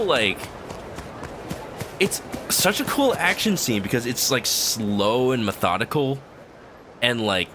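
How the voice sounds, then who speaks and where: This video game streamer chats in a loose, rambling way, peppering his talk with "like." His pitch is fairly low. Clear game music runs underneath, over a noisy background.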